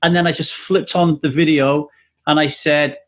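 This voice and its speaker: A man hosting a casual podcast interview, with a voice a little higher than most men's. He talks candidly, swears freely and tells stories at length. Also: fairly even intonation, moderate pace, fairly bright tone. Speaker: podcast host.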